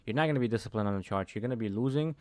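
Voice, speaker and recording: A man's voice: lowish voice, very fast, no echo. A man giving a casual talking-head lesson on trading, speaking conversationally and tagging his sentences with "right?". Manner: conversational, keeps adding "right?" tags. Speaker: trading educator.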